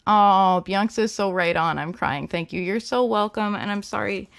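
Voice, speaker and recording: A young woman hosting a live-stream tarot reading, talking gently and chattily with many fillers. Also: medium pitch, normal speed, creaky, clean tone. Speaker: tarot reader and livestream host.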